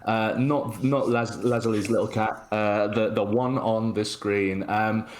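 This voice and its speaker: A man's voice: fairly low pitch, steady tone, unhurried, a little hiss or hum, poor audio. A man playing a tabletop game, talking hesitantly with many fillers as he describes his turn. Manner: hesitant, full of uhs and ums. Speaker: player.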